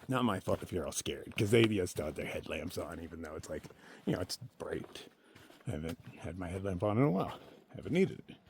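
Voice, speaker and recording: A man talking casually to his camera while hiking a forest trail, chatty and opinionated, thinking out loud to himself. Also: deep voice, sing-song, a little fast, vocal fry. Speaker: solo thru-hiker filming his hike. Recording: faint outdoor noise behind the voice.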